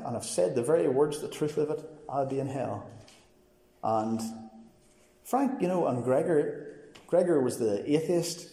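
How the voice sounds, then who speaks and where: A man's voice: fairly high pitch, vocal fry, warm tone. A man giving a personal testimony sermon, telling his story earnestly and acting out what others said to him. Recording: reverberant hall.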